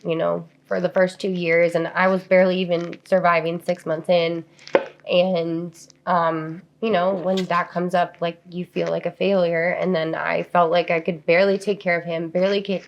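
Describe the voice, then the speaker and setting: Gravelly-voiced woman speaking candidly. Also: fairly low pitch, muffled recording, slight background noise. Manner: candid and reflective, many filler likes. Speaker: podcast co-host. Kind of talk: casual chat, personal storytelling.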